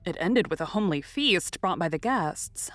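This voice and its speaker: Female audiobook narrator, lowish voice, dry close sound, faint music underneath. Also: no echo. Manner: measured, expressive storytelling. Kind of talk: scripted narration.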